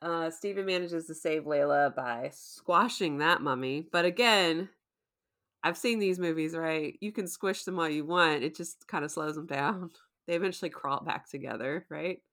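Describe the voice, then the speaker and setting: A woman hosting a casual recap chat, animated, laughing often and acting out scenes. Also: low voice, normal speed. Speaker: podcast host.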